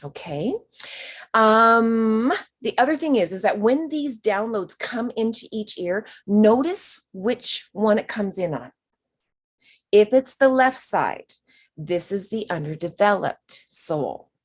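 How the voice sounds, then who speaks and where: A woman teaching a spiritual course in a chatty, expressive way, acting out quoted voices and sometimes dropping to a whisper. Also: medium pitch, takes it slowly.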